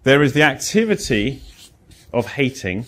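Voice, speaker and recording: A man's voice: medium pitch, measured pace. A British man giving a live lecture to therapists, acting out client conversations with dry humor. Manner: animated, acts out client dialogue, dry humor. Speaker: presenter.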